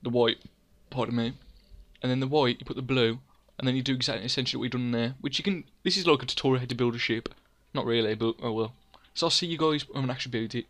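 A man's voice: mid-range voice, fast, a bit bright. Rambling, self-mocking young man. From England. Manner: rambling, self-mocking, talks to himself in third person. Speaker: gaming channel host. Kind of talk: casual gameplay commentary.

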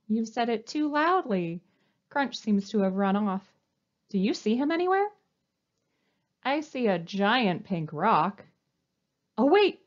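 Lively sing-song woman reading to children. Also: a little high, highs cut off. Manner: animated, sing-song, coaxing. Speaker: children's librarian. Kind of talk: storytime read-aloud.

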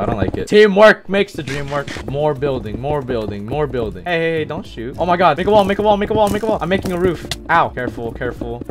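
A young man in excited gameplay commentary, swinging between quiet muttering and sudden yelps and laughs. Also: on the high side. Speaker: gaming YouTuber. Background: game music.

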